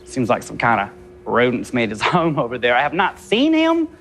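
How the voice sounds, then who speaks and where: An actor playing a chipper, fussy small-town churchgoer who talks in a prim, sing-song way, from a TV sitcom. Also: male voice, mid-range voice, wildly swooping pitch, normal speed, fairly bright tone, a little hiss or hum. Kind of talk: TV sitcom acting.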